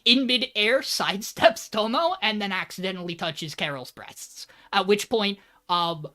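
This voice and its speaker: A man's voice: high voice, bright, forceful tone. A man co-hosting a podcast, giving a loose, joking plot recap and swearing freely. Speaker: podcast co-host.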